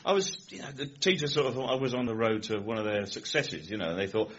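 A man guest on a chat show, telling rambling anecdotes with frequent laughter and quick impressions of people. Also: fairly low pitch, lively intonation, slightly rough, lo-fi sound. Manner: rambling, laughs often, mimics people in stories. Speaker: comedian guest.

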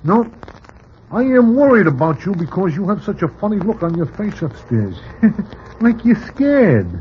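Deadpan bossy gambler, stiff formal tough talk, 1940s radio play, lively pitch, dull old radio sound. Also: male voice, measured pace. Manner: flat, stiff formal tough-guy phrasing. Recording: dull, faintly hissy old radio recording.

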